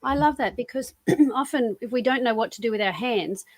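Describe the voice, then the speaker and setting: A woman's voice: fairly high pitch, brisk, no room sound. A woman hosting a podcast interview, chatting enthusiastically and rambling through her thoughts. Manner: enthusiastic, rambling, restarts often. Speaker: podcast host. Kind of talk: casual interview chat.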